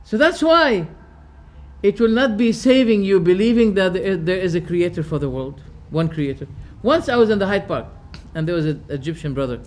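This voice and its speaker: A man's voice: sits high, lively intonation, moderate pace. A man giving a religious lecture to a class, restating each term in plain words and throwing rhetorical questions at his listeners. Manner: explains terms by restating them. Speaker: religious teacher.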